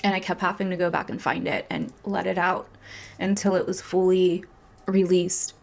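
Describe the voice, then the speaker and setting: Gravelly-voiced woman in casual chat. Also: fairly low pitch, moderate pace. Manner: animated, swears freely, many "like" fillers. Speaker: astrologer.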